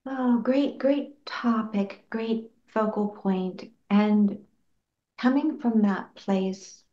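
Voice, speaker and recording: A woman psychologist answering interview questions in an earnest, gently explanatory way, acting out little quotes. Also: mid-range voice, extremely slow. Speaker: clinical psychologist guest. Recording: roomy, dull lo-fi sound.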